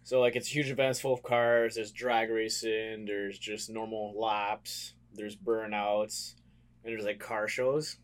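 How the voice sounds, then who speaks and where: A man's voice: lowish voice, flat delivery, takes it slowly. A young man co-hosting a podcast, chatting easily, laughing often and saying "like" a lot. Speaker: podcast co-host. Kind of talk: casual podcast chat.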